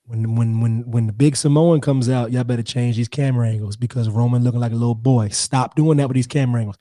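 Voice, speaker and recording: A man hosting a wrestling podcast in casual chat, animated and excitable, joking and laughing often. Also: mid-range voice, fast talker, hardly any pauses. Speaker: podcast host.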